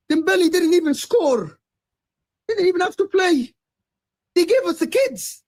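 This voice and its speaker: A man co-hosting a casual football show, ranting with lots of repetition and swearing. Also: very high voice.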